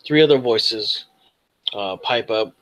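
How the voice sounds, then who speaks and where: A man's voice: on the low side, slow, background noise. A man narrating as game master of a tabletop game, in a laid-back way.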